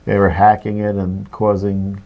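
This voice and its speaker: A man's voice: lowish voice, monotone, unhurried, dark tone. Easygoing laughing male co-host. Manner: easygoing, laughs often, trails off mid-thought. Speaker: co-host of a media show. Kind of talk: casual chat about movies.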